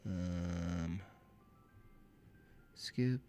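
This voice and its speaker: Male stream host, low and slow, casual rambling patter. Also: mellow, soft background music. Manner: rambling, laid-back, talks to himself while setting up. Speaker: livestream host. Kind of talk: casual livestream chat.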